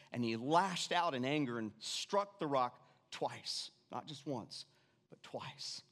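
A man preaching a sermon, animated, repeating his lines and dropping suddenly to quiet. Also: medium pitch, measured pace. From Irish family background. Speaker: pastor. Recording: long reverb of a church hall.

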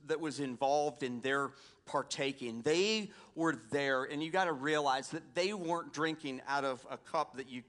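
A man's voice: mid-range voice, a bit bright. A man from the American South, a pastor preaching a sermon with prayer and scripture reading, folksy and conversational with asides to the congregation.

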